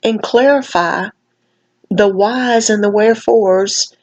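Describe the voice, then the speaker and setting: A woman's voice: medium pitch, takes it slowly, a little mellow, lo-fi sound. A tired woman giving a casual commentary rant, her speech a little slurred, folksy and emphatic with lots of "honey" and "baby". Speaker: vlogger commenting on another channel.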